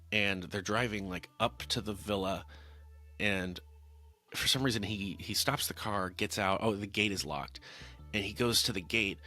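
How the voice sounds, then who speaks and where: A man's voice: lowish voice, sharp tone. A man casually reviewing a film on camera, wry and rambling with many restarts. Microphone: talking-head camera mic.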